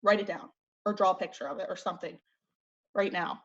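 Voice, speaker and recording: A young woman coaching fitness hosts a motivational team call in a blunt, chatty style, quick with fillers and slightly out of breath. Her voice is lowish yet fairly bright, and the sound is lo-fi.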